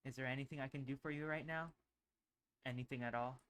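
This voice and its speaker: A man voicing a gentle, guarded young male animal character in a visual novel, speaking softly and slowly. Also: mid-range voice, steady tone, smooth, close to an everyday voice. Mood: tender. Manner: soft, hushed and slow.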